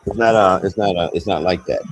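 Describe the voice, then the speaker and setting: A man's voice: low-pitched, fast, breathy edge, poor audio. A man chatting casually as an expat, blunt and profane, rambling with many restarts. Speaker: expat talking on a livestream call. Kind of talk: casual chat. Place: abroad, with faint outdoor sounds behind.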